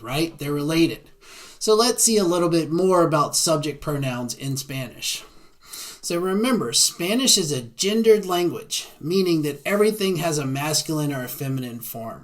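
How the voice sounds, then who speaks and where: A man with a Southern American accent giving a beginner lecture, often checking in with a quick "right?". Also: fairly high pitch. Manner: frequent tag "right?". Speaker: Spanish teacher. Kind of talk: classroom lecture.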